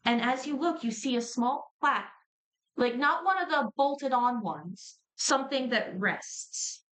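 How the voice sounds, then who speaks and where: A woman runs a tabletop role-playing session as game master. She narrates in a measured, descriptive way with a slightly higher voice. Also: expressive, a bit bright, rough recording.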